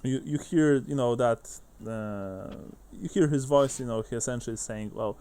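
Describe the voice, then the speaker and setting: A man's voice: mid-range voice, normal speed, mellow, clean tone. Man running a tabletop game, middle voice, casual, rambling narration. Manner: loose, many fillers and restarts. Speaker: game master.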